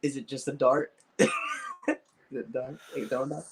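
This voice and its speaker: A young man, a pro wrestler guest in a casual interview, excitable and quick to laugh over a video call. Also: mid-range voice, a little hiss or hum, low-quality recording. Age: young adult.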